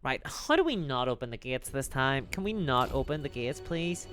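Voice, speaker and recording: A man's voice: medium pitch, normal speed, music in the background. A man streaming a strategy game live, chatting in a rambling, casual way while he plays and reads the chat. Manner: lively, rambling, talks while playing. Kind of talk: live gameplay commentary.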